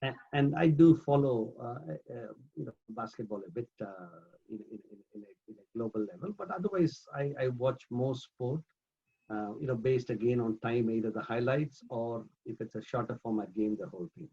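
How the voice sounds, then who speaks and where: A man answering interview questions in a relaxed, conversational way, hesitating often with fillers and repeated words over a video call. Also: medium pitch, normal speed, gravelly, slightly rough, muffled recording. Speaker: guest, managing trustee of a charity.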